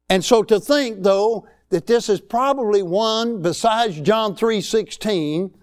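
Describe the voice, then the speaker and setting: A man's voice: high voice, a little mellow, clean tone. Folksy preacher man in his sixties. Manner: folksy, emphatic preaching with rising exclamations. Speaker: pastor. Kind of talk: sermon.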